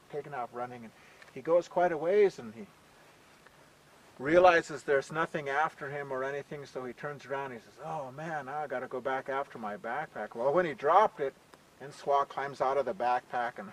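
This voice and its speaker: A man telling a traditional folk tale aloud in a relaxed, conversational way, often saying "you know". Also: medium pitch, a little hiss or hum, poor audio. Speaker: storyteller. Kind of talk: oral folk storytelling.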